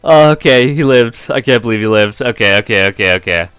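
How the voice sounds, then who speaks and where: Excitable guy commentating his game live, swoopy lively pitch, dry close mic. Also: brisk, clean tone, dry recording. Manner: excitable, breaks into helpless laughter. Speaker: competitive game player and video creator.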